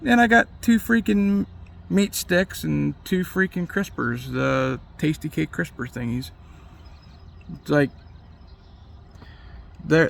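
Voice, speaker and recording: A man's voice: fairly high pitch, vocal fry, a bit bright. A man talking in a casual vlog monologue, candid and self-critical, swearing freely and filling his talk with "like". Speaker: vlogger and competitive archer.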